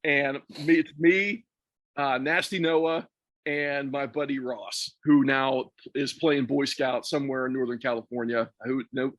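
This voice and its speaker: A man's voice: medium pitch, measured pace, no echo, clean studio sound. A man telling a rambling, profane story in casual podcast chat, laughing as he goes. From Texas. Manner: animated, profane, laughs through his own story. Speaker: podcast co-host or guest.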